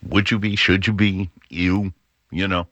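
A man's voice: sits low, level tone, measured pace, a bit bright, dry recording, highs cut off. A middle-aged man hosting a radio talk show, rambling casually with frequent restarts.

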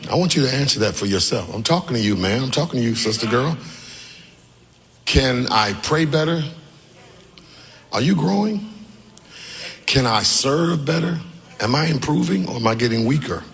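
Forceful preacher calling to the church. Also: male voice, mid-range voice, big-room sound. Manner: call-and-response preaching, often shouting emphatic lines. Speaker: pastor. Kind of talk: sermon. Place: church sanctuary with congregation.

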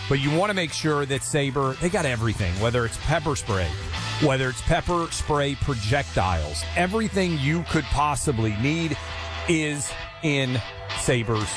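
A man co-hosting a talk radio show, reading a sponsor ad live in an upbeat, salesy way. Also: mid-range voice. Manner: salesy, slightly breathless. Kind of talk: live-read radio advertisement.

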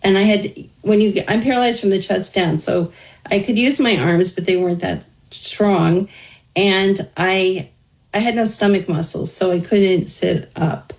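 A woman's voice: medium pitch, measured pace, darkish tone, poor audio. A woman being interviewed as an author, telling her life story openly in a conversational way, with wry humor. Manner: candid, wry humor, talks through hardship plainly.

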